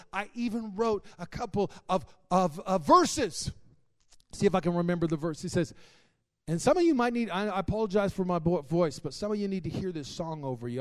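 Preaching a sermon in a voice that sits high, a man shares a personal testimony charged with emotion. He swings between hushed confession and loud exclaiming.

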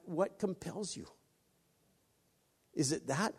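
A man preaching a sermon, halting often with restarts and acting out quoted voices. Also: a little high, animated, darkish tone. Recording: long hall reverb.

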